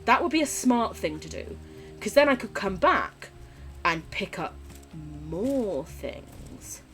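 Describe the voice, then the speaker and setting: A woman's voice: medium pitch, sing-song, slow pace, a bit bright, soft background music. A woman live streamer chatting casually with her viewers while gaming, swearing freely and gushing affection.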